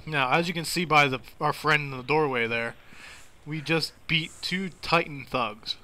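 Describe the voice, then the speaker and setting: A man's voice: fairly high pitch, normal speed, sharp tone. Joking, foul-mouthed gamer guy. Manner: crude, joking, swears freely. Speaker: let's play commentator. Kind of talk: casual gameplay commentary.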